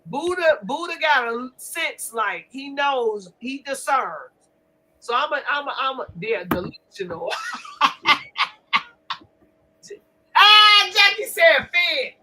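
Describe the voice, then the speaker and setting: An older woman hosting a casual live stream, loud and profane, often laughing as she trash-talks. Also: high voice, very animated, slow, pauses often, slight background noise, poor audio. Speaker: livestream host.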